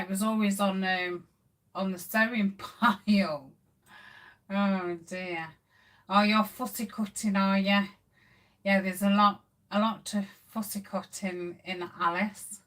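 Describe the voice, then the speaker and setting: Middle-aged woman, unhurried, bright tone, casual live-stream chat. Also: mid-range voice. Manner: chatty, reads out viewer comments warmly with many ums. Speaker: craft channel host.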